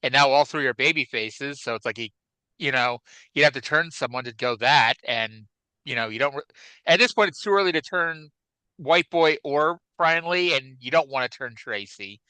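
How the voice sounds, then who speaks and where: A man's voice: medium pitch, expressive, normal speed, sharp tone, clean tone, dry recording, rough recording. A man co-hosting a wrestling podcast in a casual, rambling chat. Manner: chatty, rambling, with fillers. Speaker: podcast co-host.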